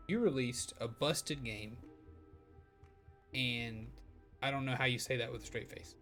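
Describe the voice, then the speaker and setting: A man's voice: mid-range voice, measured pace, pauses often, fairly bright tone. Man musing casually over game music. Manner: rambling and musing, with hedges and dry sarcasm. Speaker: game streamer. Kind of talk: casual chat while playing a game. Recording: live stream with game music behind.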